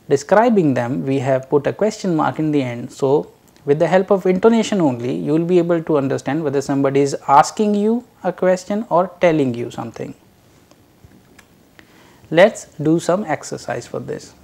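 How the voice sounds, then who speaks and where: Man lecturing, gravelly voice, animated pitch, slow drilled example phrases. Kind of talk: recorded language lecture.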